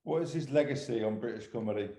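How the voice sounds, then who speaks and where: A man asking brief, soft interview questions from a distance. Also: medium pitch, fast. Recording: echoey room, off mic.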